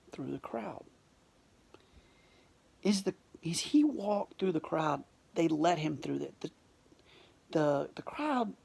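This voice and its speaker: A man's voice: fairly high pitch, creaky, breathy edge. A man telling a personal story in an earnest monologue, often dropping to a whisper and restarting his sentences. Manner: restarts and repeated words.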